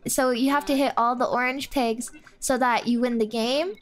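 A young woman streamer in casual chat, rambling and excitable, with lots of fillers. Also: a little high, moderate pace.

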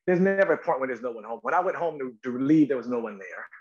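A middle-aged actor from North Carolina, USA, guests on an interview and tells stories animatedly, repeating words and acting out quotes. His voice is mid-range and quick, and the recording sounds muffled.

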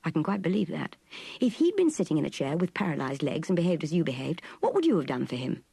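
A woman voicing a proud, irritable paralysed aristocrat in a storybook reading, with a very husky voice. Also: low-pitched, big pitch swings, quick pace, dry recording, exaggerated voice. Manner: imperious, sharp when crossed.

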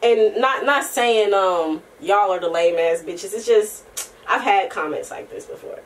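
A young woman vlogging in a casual, rambling chat to camera, slangy and profane, often laughing and sometimes breaking into soft singing. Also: medium pitch, a little slow, recorded from a distance.

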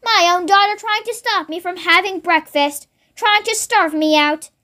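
A child reading aloud and voicing a bossy, greedy old grandmother who shouts and scolds. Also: very high voice, normal speed. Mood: scolding.

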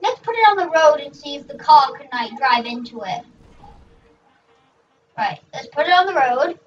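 A young gaming host rambling through excitable let's play commentary, shrieking at what happens in the game. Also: high voice, normal speed, slight background noise. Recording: dull, distant mic with faint music.

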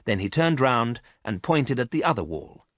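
A man narrating a graded story for English learners, reading clearly and carefully. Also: mid-range voice, sing-song, normal speed, no echo, clean studio sound.

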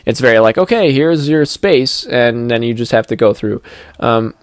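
A man's voice: mid-range voice, expressive, moderate pace, no room sound. A young man giving casual let's-play commentary as he plays, chatty and goofy with playful sing-song asides. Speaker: gameplay commentator.

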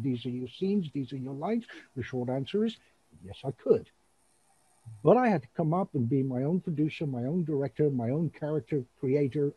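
Husky, rambling male host. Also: a little high, lo-fi sound. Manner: rambling, animated, laughs often, name-drops. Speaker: show host and magician. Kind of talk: casual chat on an online show.

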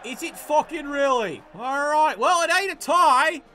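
High-voiced, excitable, swearing game commentator. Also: male voice, moderate pace. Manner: excitable and profane, stammers when worked up.

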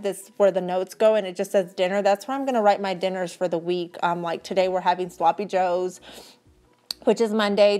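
A middle-aged woman with a Texan accent, chatting casually and rambling as she decorates her planner for a vlog. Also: mid-range voice. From Texas. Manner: chatty, rambling, thinks aloud. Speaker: planner vlogger.

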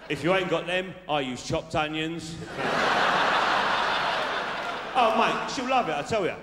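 Playing a swaggering South London lad dishing out dating tips, a man works a big theatre crowd with plenty of tag questions and a cocky attitude. His pitch is on the high side, his delivery expressive and measured. You can hear the live hall's reverb plus some faint noise.

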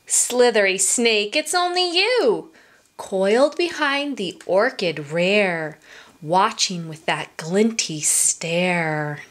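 At story time, a woman reads a picture book aloud to young children in a sing-song manner, asking them questions and whispering her asides. Her voice is mid-range, animated, slow and a bit bright.

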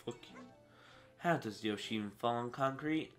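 A man's voice: medium pitch, normal speed, fairly bright tone. A teenage boy giving casual let's play commentary, talking to his viewers, getting frustrated and swearing. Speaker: gaming channel host. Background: game music.

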